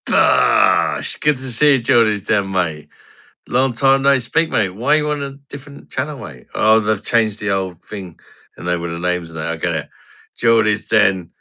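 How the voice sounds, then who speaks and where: Gravelly man hosting a live stream. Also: on the low side, lively intonation, moderate pace, bright, forceful tone. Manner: reads viewer comments aloud, blunt, crude banter. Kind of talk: casual pub-style live stream chat.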